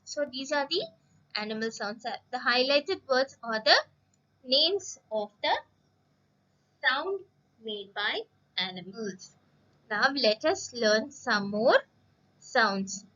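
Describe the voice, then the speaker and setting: A woman teacher giving a slow lesson to young children, drawing out words and asking them questions. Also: on the high side, very animated, pushed and bright, muffled recording. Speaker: primary school English teacher.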